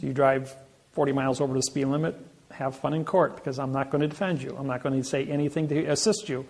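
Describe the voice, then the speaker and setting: Gravelly boastful man telling stories. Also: medium pitch, quick pace. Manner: boastful, animated storyteller with repeated restarts. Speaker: seminar speaker. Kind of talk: storytelling talk to an audience.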